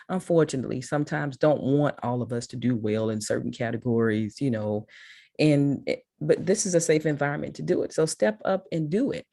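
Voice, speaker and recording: A woman's voice: very deep voice, warm tone, no room sound, studio quality. A woman from Memphis with a Mississippi accent, giving an emphatic, encouraging motivational talk to students as a guest speaker. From Memphis, USA. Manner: emphatic, encouraging, repeats for stress.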